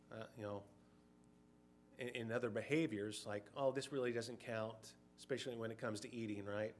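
A man's voice: mid-range voice, a bit bright. Conversational male preacher. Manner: conversational, acts out short quoted voices. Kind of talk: sermon.

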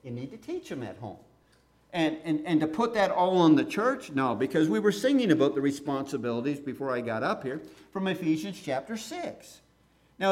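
A middle-aged man preaching a sermon, reading scripture aloud and then talking it through in a lively, conversational way. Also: on the high side.

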